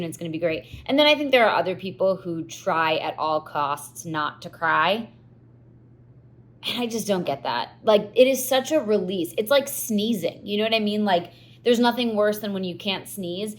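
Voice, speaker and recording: A young woman hosting a podcast, telling personal stories in an expressive, confessional way. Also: medium pitch, moderate pace. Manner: expressive, confessional, animated storytelling. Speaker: podcast host. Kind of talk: candid personal monologue.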